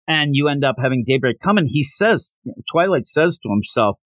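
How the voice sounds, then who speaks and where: Animated man recapping a manga. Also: a little high, moderate pace, few pauses, slightly rough, no room sound. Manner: animated, acts out characters' lines and sound effects. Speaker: podcast host recapping manga. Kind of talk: casual recap with quick voiced quotes.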